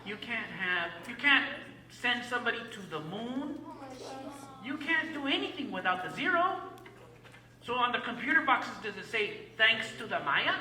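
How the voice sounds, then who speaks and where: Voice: medium pitch, very animated, moderate pace, sharp tone, roomy sound, distant mic, rough recording. A teacher giving an emphatic classroom lecture, repeating key words and having the class call back phrases.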